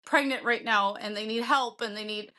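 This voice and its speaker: A woman's voice: fairly high pitch, fairly even intonation, moderate pace, sharp tone. A woman from the co-hosting a podcast, speaking in an earnest, heartfelt and defiant way in casual chat. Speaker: podcast co-host.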